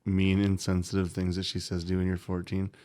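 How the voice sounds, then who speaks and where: A man with a very low voice co-hosts a relaxed chat. He teases the others in a dry, deadpan way. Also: brisk. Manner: dry, teasing. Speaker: podcast co-host. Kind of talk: casual chat.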